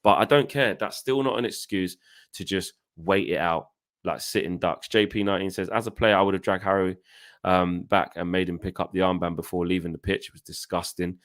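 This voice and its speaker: A man in a casual fan chat who tells stories in an animated way and acts out his own shouting. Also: deep voice, brisk. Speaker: co-host of a fan channel.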